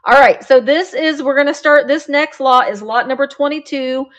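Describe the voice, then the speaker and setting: A woman's voice: high voice, normal speed, fairly bright tone. A woman chatting as she runs a live sale of vintage items, describing each piece as she shows it. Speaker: live auction seller.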